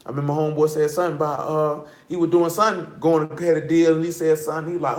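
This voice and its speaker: A man preaches with blunt, animated energy, reading scripture and then breaking into street slang. His voice sits a bit high for a man. The sound rings around an echoey room. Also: very fast, few pauses. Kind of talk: street-style sermon.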